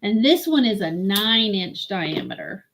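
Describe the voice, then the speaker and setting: A woman hosting a live-stream vintage sale, slowly admiring and describing glassware. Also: medium pitch, sing-song, creaky, fairly bright tone, slight background noise. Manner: slow, admiring product descriptions.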